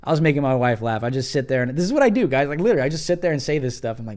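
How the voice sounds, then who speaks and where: Very fast and animated, with a darkish tone, this young livestream host riffs on his opinions. He mocks people sarcastically, imitates them in high-pitched voices, and fills his loose talk with fillers.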